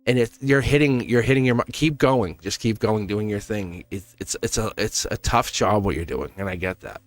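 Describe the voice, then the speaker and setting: A man's voice: fairly low pitch, normal speed, no echo. A man hosting a live tarot stream, talking casually and encouragingly to his chat with frequent laughs. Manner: rambling, encouraging, laughs often; talks straight to chat viewers.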